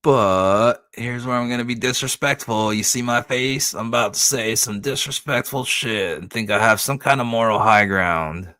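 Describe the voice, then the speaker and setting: A man's voice: medium pitch, moderate pace, hardly any pauses, sharp tone, no room sound. A man streaming commentary who rants angrily and profanely, hurling insults and repeating himself. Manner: angry, profane, insulting, repetitive.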